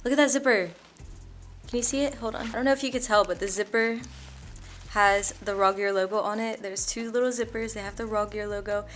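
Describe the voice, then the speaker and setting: A young woman hosting a casual clothing haul vlog, gushing and excitable, full of slang and calling viewers "bro". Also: medium pitch, a little fast, slight background noise. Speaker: fitness YouTuber.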